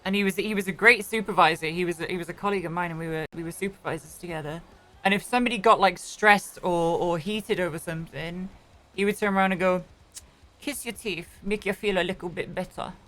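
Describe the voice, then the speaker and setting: Woman streamer just chatting, bright forward voice, lots of restarts and swearing. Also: fairly low pitch, quick pace. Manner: rambling, frequent restarts and self-corrections, swears casually. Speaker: streamer and roleplayer. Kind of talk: casual chat.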